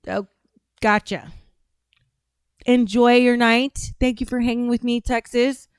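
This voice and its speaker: A woman's voice: on the high side, fairly even intonation, takes it slowly, smooth, dry recording, clean studio sound. A woman hosting a casual livestream, reacting to clips and chatting with viewers in a blunt, profane way. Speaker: livestream host.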